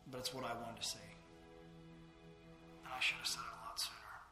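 Man acting a grown son, soft, halting, heartfelt, roomy echo, music underneath. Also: mid-range voice, level tone, lightly acted. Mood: tender. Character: adult son speaking tenderly to his mother. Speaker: actor in a played video clip.

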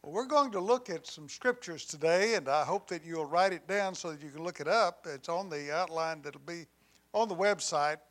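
A man preaching a sermon with deliberate delivery, swinging from loud emphasis to near quiet on key lines, with humorous asides. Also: a little high. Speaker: pastor.

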